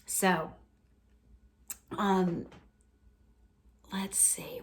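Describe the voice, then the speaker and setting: A woman guides a laughter practice in a low, slightly gravelly voice. She speaks very slowly and gently, often softening to a near whisper. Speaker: laughter coach. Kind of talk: instructional talk.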